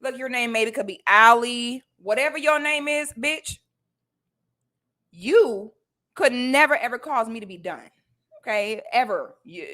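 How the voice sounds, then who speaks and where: The vlogger's voice is a little high with a sharp tone as she rants at viewers in a casual, combative way. She keeps adding sassy asides and asking "okay?" again and again.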